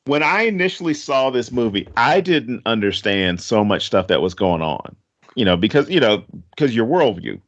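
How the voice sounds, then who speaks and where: A man co-hosting a podcast, talking through a film in a loose, rambling way. He jokes as he goes and drifts into quick animated asides. The sound is a little dull and lo-fi. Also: medium pitch. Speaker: podcast co-host. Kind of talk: casual movie discussion.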